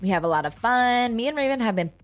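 A woman's voice: fairly high pitch, lively intonation, fast talker, soft background music. A young woman with a New Jersey accent, co-hosting a casual podcast chat, laughing and swearing freely. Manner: laughing, swearing, talks over her co-host. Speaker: podcast co-host.

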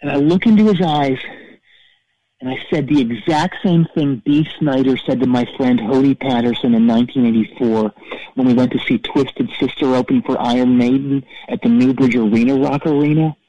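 An actor playing a petty, self-righteous middle-aged rock-fan caller who rambles and stammers through a comedic call-in story. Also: male voice, mid-range voice, fairly even intonation, normal speed, dark tone, no room sound, highs cut off, lightly acted. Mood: storytelling.

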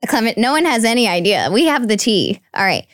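A woman's voice: a little high, very animated, fairly quick, no echo, studio quality. A young woman hosting a podcast in casual, playful chat, laughing easily. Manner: bubbly, playful, laughs often. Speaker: podcast host.

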